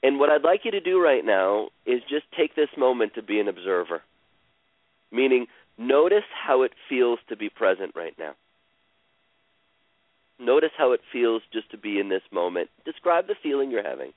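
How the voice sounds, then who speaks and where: A man guiding a caller through an emotional healing session, speaking slowly and soothingly and repeating phrases. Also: medium pitch, big pitch swings, no room sound. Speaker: healer guiding a caller on a radio show. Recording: dry, tinny phone-like radio sound.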